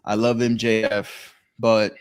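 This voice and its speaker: A man's voice: on the low side, flat delivery, takes it slowly, clean tone. Profane storytelling podcast host man. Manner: profane, storytelling, laughing often. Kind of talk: casual chat. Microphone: phone call.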